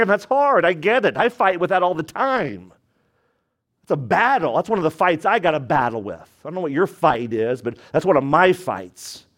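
A man, a pastor preaching a sermon, emphatic, moving between loud and hushed delivery and asking his congregation rhetorical questions. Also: on the high side, sing-song, moderate pace.

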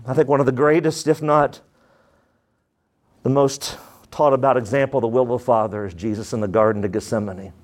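A male pastor preaching a sermon, reading scripture emphatically and leading the congregation in prayer. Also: mid-range voice. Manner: slow prayerful tone.

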